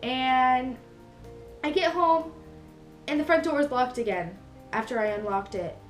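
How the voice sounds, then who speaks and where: A woman's voice: sits high, unhurried. Rambling young woman in an echoey room. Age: young adult. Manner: rambling, filler-heavy, self-correcting. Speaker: vlogger. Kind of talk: casual storytelling. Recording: echoey room with faint music behind.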